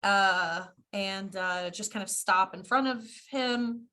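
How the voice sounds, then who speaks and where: A woman's voice: medium pitch, takes it slowly, few pauses, sharp tone. A woman playing a tabletop role-playing game, speaking brashly and confidently as her character, laughing often. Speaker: player.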